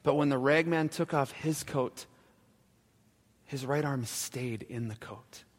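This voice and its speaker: A male pastor telling a story in a sermon, slowing down and dropping to a hushed voice at the key moments. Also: mid-range voice. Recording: long church reverb.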